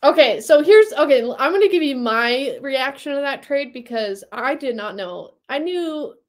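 Woman, podcast co-host, casual chat, animated storyteller, higher-pitched voice. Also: moderate pace, a little hiss or hum. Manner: animated storyteller, acts out quotes.

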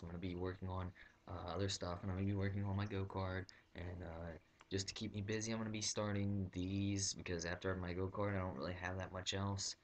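Deep-voiced young man telling a story. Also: a little hiss or hum. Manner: rambling, full of fillers and restarts. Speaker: vlogger. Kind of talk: comic storytelling.

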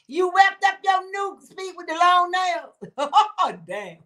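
Laughing high-voiced woman livestream host. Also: pushed and bright. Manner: laughs often, calls viewers honey and baby. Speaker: livestream host reading viewer comments. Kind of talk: casual chat with live viewers.

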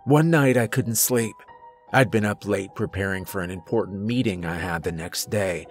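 A man reading a horror story aloud as scripted narration, in a measured storytelling manner. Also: fairly low pitch, faint music behind.

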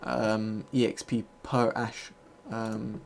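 A man's voice: on the low side, monotone, takes it slowly, creaky, a little hiss or hum. A man giving loose, rambling commentary over his own gameplay, full of fillers and the odd casual swear. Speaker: gaming video host.

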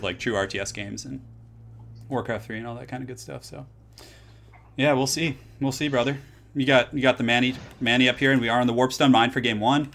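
Relaxed man, game stream chat, easygoing, laughs a lot, loose and rambling. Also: medium pitch. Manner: laid-back, laughs often, trails off. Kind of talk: casual gaming stream chat. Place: home, California.

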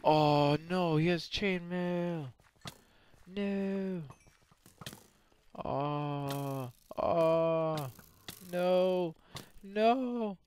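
A young man giving game commentary, excitable, often yelping and screaming when in danger. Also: high-pitched, extremely slow, pauses often, a little hiss or hum. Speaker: gameplay commentator.

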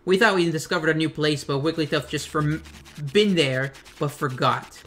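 A man's voice: a little high, moderate pace, a bit bright. A man hosting a let's play and chatting casually as he sums up the story. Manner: chatty, summarizing. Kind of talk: casual gameplay commentary. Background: faint game music.

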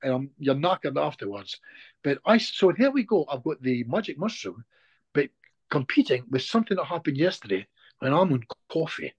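A man's voice: a little high, big pitch swings, moderate pace, breathy edge, no echo, muffled recording. A Scottish man, a hypnotist guest, telling a moving personal story in conversation and repeating words when he gets emotional. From Scotland.

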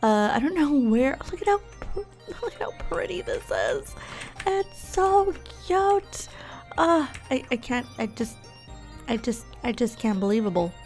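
A woman's voice: fairly high pitch, big pitch swings, a little slow, a little mellow, faint music behind. A young woman giving casual, bubbly gameplay commentary, gushing and gasping as she explores. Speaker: gaming YouTuber.

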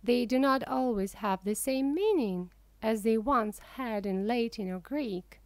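Slow, careful woman audiobook reader. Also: on the high side, a little mellow, no room sound. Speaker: audiobook narrator. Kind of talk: slow audiobook reading for English learners.

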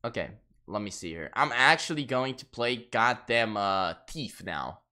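A man streaming a game who talks in a bright, edgy tone, his pitch swinging widely. He rants and swears in casual exasperation while he chats with viewers. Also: lively intonation, a little slow. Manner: profane, exasperated ranting with laughter. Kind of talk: casual gaming stream chat.

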